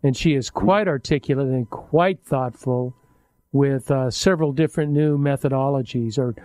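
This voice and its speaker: An older man hosting a radio talk show, speaking in a halting, reflective way and often correcting himself mid-sentence. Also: mid-range voice, a little mellow, no room sound. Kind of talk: casual interview chat.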